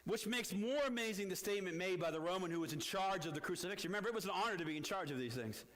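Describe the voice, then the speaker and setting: A middle-aged man preaching as pastor, telling a story with sudden loud outbursts and quiet low asides. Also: animated, very fast. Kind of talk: storytelling sermon. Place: church. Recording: echoey church hall.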